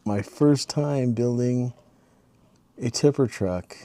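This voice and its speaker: A man's voice: medium pitch, slow, warm tone, no room sound. A man chatting casually in a late-night vlog, rambling into a long meandering story. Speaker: vlogger.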